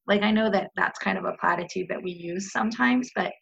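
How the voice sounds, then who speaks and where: A woman's voice: medium pitch, a little fast, creaky, fairly bright tone, breathy edge. A woman in her thirties speaking candidly as a podcast guest, reflective, with many fillers and restarts. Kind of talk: personal conversation about grief. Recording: muffled lo-fi podcast audio.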